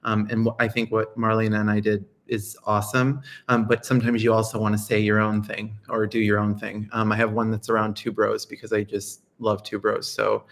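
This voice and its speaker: A man who works as a perfumer, a guest on a live stream, speaking thoughtfully with pauses. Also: fairly low pitch, completely flat delivery, a bit bright. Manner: thoughtful, hesitant, with many "um"s. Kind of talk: casual live-stream chat.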